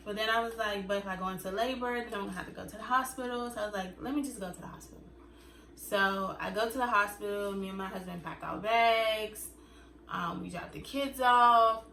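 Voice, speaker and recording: A woman's voice: mid-range voice, creaky, bright, forceful tone, far from the mic. A young woman vlogger in casual storytime chat, chatty and acting out quotes in other voices. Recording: echoey room, faint noise.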